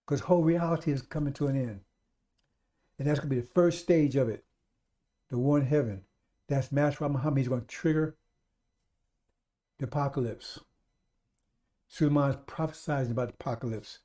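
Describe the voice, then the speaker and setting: Fervent preacher man, mellow tone. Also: medium pitch, fairly quick, pauses often. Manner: fervent, repetitive, rising to loud exhortation; addresses listeners as brothers and sisters. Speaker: radio preacher. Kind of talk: streetwise radio sermon.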